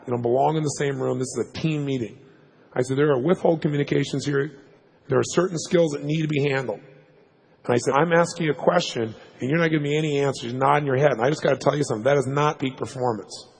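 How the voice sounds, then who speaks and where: A man giving a motivational seminar talk, telling a story in an animated, emphatic way. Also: medium pitch, gravelly, slightly rough, poor audio. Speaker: motivational speaker.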